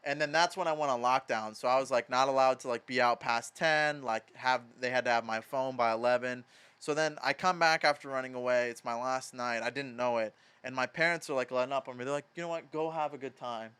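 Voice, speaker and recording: A man's voice: mid-range voice, fairly quick, clean tone. A young man in his twenties from Wisconsin, a podcast guest telling stories casually, full of "like" and swearing. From Madison, Wisconsin. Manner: filler-heavy, profane, animated. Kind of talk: casual storytelling.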